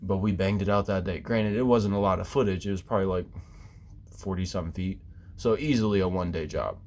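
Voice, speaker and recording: A man with a very low voice vents in a loose, rambling rant. He swears constantly and trips over fillers and restarts as he tells his story. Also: fast, a little mellow. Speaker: former basement waterproofing worker. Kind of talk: casual profane rant.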